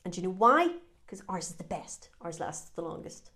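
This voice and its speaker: A woman's voice: fairly low pitch, very animated, normal speed, sharp tone. A woman with an Irish accent co-hosting a casual whiskey-tasting podcast, full of cheeky, sweary banter. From Ireland. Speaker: podcast co-host.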